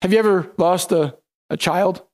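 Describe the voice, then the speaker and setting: A man's voice: high voice, moderate pace, a little mellow. A male pastor preaching a sermon, retelling scripture in casual, everyday storytelling speech.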